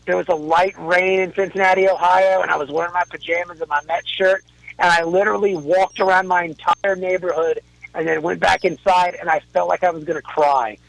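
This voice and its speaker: Caller: middle-aged man, high gravelly voice, dry close sound, swearing rants. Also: fairly even intonation, fairly quick, a bit bright, no echo, low-quality recording. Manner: profane, ranting storyteller. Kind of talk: casual chat. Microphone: phone call.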